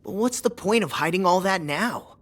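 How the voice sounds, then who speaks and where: A man's voice: high voice, lively intonation, normal speed, a bit bright. An actor voicing a stubborn, good-natured teenage boy who is a novice mage in an anime dub, plain-spoken and sincere. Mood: earnest. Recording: studio dub with music behind.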